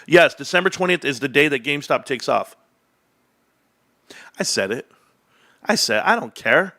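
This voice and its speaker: A man hosting a casual livestream, talking about stocks in an animated, boastful, rambling way. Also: mid-range voice, normal speed, no room sound, clean studio sound. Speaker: host.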